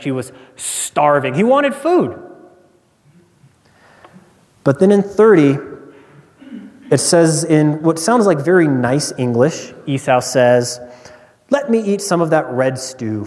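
A man's voice: medium pitch, darkish tone, in a large hall. A man preaching a sermon as a pastor, earnest and emphatic, who repeats his key lines for weight.

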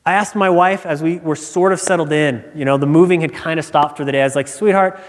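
A male pastor preaches conversationally, telling personal stories and explaining scripture. His pitch is fairly high, his intonation fairly even, and his pace quick, all carried by the long reverb of a large hall.

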